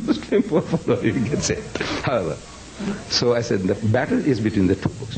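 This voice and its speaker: A man's voice: medium pitch, big pitch swings, a little fast, darkish tone, low-quality recording. A man giving a religious lecture in a mosque, emphatic and rhetorical, often chuckling at his own points. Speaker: Islamic lecturer.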